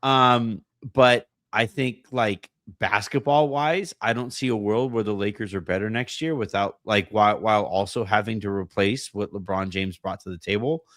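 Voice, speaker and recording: A man hosting a casual podcast, hoarse from a voice that partly went away, rambling and self-deprecating with lots of fillers and restarts. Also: fairly low pitch, moderate pace, hardly any pauses, a bit bright, no echo, studio quality. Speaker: podcast host.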